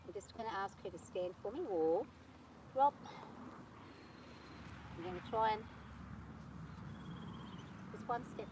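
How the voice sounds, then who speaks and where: A woman vlogging from horseback on her farm, talking nervously and gently soothing her horse. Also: mid-range voice, unhurried, pauses often, noisy background. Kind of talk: casual spoken vlog.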